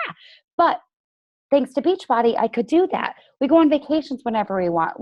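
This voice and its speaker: A woman's voice: mid-range voice, darkish tone, dry recording. A woman business coach leading a team training call, chatty and emphatic with a sarcastic streak.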